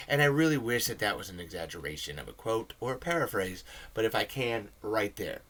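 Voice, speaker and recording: A man's voice: fairly low pitch, very animated, fairly quick, few pauses, sharp tone. A man hosting a casual film commentary, talking in a rambling, enthusiastic way full of fillers. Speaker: film commentary video host.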